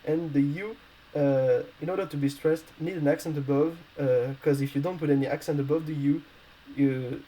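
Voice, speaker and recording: Hesitant, mellow-voiced male language teacher. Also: fairly high pitch, fairly even intonation, normal speed, rough recording. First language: not English. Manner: hesitant, many fillers and restarts. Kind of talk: explaining a grammar lesson.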